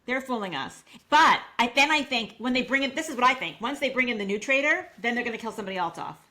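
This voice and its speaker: A woman's voice: a little high, lively intonation, quick pace, bright, forceful tone. A woman co-hosting a podcast, eagerly sharing theories and repeating her points. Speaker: podcast co-host. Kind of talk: casual chat about reality TV.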